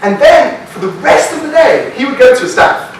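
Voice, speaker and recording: A man telling a story to a live audience at a business workshop, animated and constantly checking in with "right?" as he asks the room questions. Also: very high voice, moderate pace. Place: hall with a seated audience. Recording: very echoey hall, mic far off, faint hiss.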